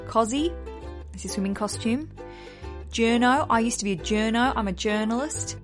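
A woman's voice: a little high, normal speed, faint music behind. An Australian woman hosting a podcast, talking in an upbeat, playful and self-deprecating way. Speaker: podcast host. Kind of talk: chatty podcast monologue.

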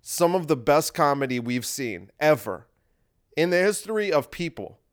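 A male podcast host delivers a casual, wry, rambling monologue that circles back and repeats itself. His voice is a little high and very animated, at normal speed.

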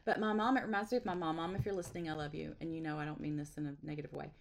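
A woman's voice: low voice, steady tone, rapid-fire, gravelly, a little hiss or hum. A middle-aged woman, hosting a casual devotional livestream in a chatty, folksy way with frequent laughs. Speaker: devotional host. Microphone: webcam or phone livestream.

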